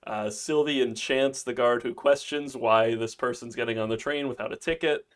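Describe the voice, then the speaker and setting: A man on a podcast walking through a plot recap, steady and plain, sprinkling in ums and uhs. His voice sits at an ordinary middle pitch. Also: normal speed. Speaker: podcast co-host.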